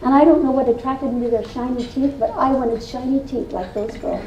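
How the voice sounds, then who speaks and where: With an unhurried delivery and a voice that sits high, a woman in her sixties from Indiana gives a storytelling keynote to a live audience in a meeting room. Her manner is folksy, playful and confiding, with teasing asides to the crowd, and a distant mic captures the roomy hall.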